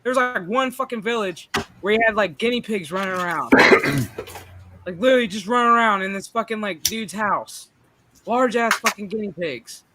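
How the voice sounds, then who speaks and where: Man, casual stream chat, profane, animated storyteller, high voice. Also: moderate pace, background noise. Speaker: streamer host.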